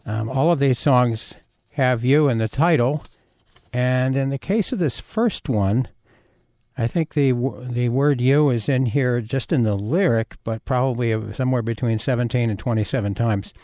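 A man hosting a college radio show, talking casually from a studio mic, rambling with frequent pauses and restarts. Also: mid-range voice, warm tone, no room sound.

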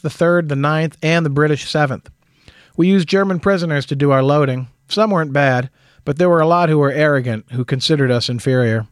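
A man reading a first-person wartime memoir aloud in a measured, matter-of-fact storytelling manner. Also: fairly high pitch, no room sound, clean studio sound.

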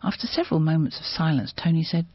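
A woman reads a memoir with measured, expressive delivery. Her voice is husky and slightly low. The sound is close, dry and muffled. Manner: measured, expressive, rising to shouting at climaxes. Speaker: reader of a translated memoir. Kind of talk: dramatic book reading.

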